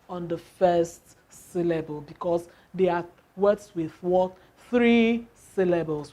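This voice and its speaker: A woman teaching English word stress, asking the class questions and answering them herself, counting syllables aloud. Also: medium pitch.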